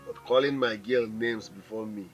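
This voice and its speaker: A man's voice: on the low side, moderate pace, dull audio, soft background music, close to an everyday voice. An actor with a Nigerian accent playing a proud young man who warns his rival firmly in a film. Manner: firm, warning. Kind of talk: Nollywood film acting.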